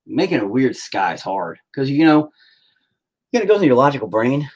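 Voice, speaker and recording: A man's voice: medium pitch, very animated, brisk, a little mellow. A man rambling and swearing in mock anger as he paints and talks to his viewers. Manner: profane, rambling, mock-angry. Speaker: painting vlogger. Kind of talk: casual rant while painting.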